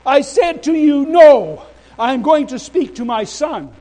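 A preacher doing a defiant bold minister. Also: male voice, extremely high pitch, steady tone, fast talker, pitched above the performer's own voice. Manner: emphatic, insistent.

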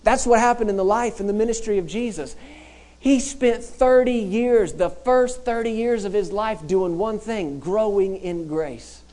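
A man preaching a sermon in a church, repeating phrases and rising to loud, fervent peaks. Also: high voice, measured pace. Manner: emphatic, repetitive call-and-response preaching that swells to shouts.

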